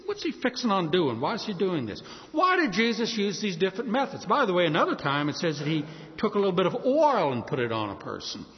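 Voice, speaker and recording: A male preacher telling a story in a sermon, animated and acting out the scenes. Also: fairly high pitch. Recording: dull recording with long hall reverb.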